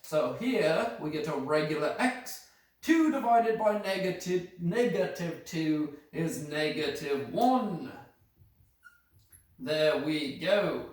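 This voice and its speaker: A man's voice: fairly high pitch, expressive, slow. A male math teacher explaining step by step in a put-on British accent. He corrects his own slips as he goes. He was recorded on a phone for a remote lesson. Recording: echoey room, phone from a distance.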